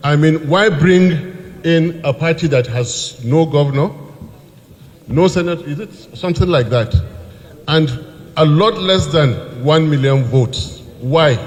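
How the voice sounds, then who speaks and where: Male politician, rhetorical and pleading, slightly raised pitch, hall reverb. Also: a little slow. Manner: rhetorical, answers his own questions, pleading. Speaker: politician addressing a party meeting. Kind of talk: rousing political speech.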